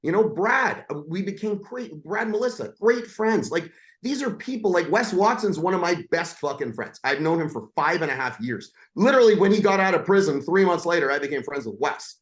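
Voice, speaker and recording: A man's voice: high-pitched, expressive, brisk, few pauses. A man coaching others, talking in a brash, swearing, salesman manner in casual podcast chat.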